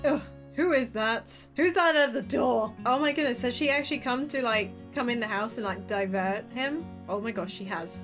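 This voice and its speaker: A woman's voice: on the high side, normal speed, music in the background. A woman host giving reaction commentary, exclaiming in amazement.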